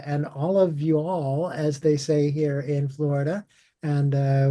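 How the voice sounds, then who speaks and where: Mellow-voiced man hosting an online meeting. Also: a little high. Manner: friendly, rambling sign-off with restarts. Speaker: host. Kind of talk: hosting a virtual chapter meeting. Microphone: video call.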